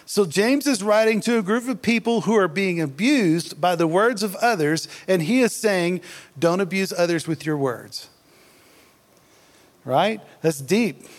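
A man preaching a sermon in a relaxed, conversational way, joking and laughing at himself. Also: high voice, moderate pace, few pauses. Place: church hall. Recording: long hall reverb.

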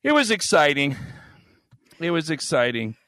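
A man's voice: fairly high pitch, big pitch swings, normal speed, a bit bright, no room sound. A man hosting a podcast, telling a crude story in casual chat and acting out the voices and yelps. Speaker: podcast host.

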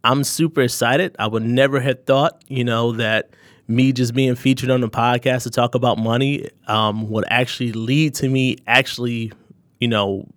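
A man's voice: mid-range voice, dry recording. A man hosting his own podcast, talking straight to listeners in an earnest, heartfelt, motivational way. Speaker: podcast host. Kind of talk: solo podcast thank-you message.

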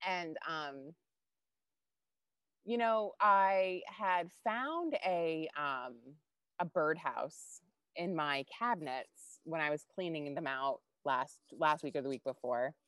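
A woman co-hosting a podcast, telling a personal story in casual, animated chat and swearing freely. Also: sits low, slow, smooth, dry recording. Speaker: podcast co-host.

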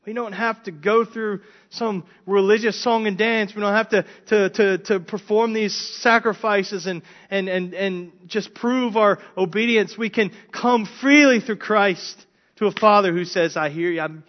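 A man's voice: high voice, unhurried. A pastor preaching a sermon in an earnest way, often repeating words as he builds his points. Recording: dull lo-fi sermon recording.

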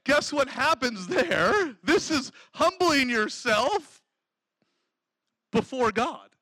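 A man preaching a lively sermon, laughing often and breaking into exclamations of praise. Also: very high voice, slow pace, husky, no room sound, low-quality recording.

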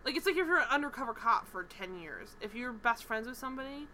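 Animated, bright-voiced woman chatting. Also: on the high side, fast talker, a little hiss or hum, rough recording. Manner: animated, swears freely, acts out characters' lines. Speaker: podcast co-host. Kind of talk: casual chat recapping a TV show.

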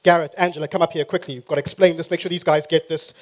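A man preaching a sermon who talks straight to the congregation and swings from quiet to loud and emphatic. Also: a little high, steady tone, rapid-fire, slight background noise.

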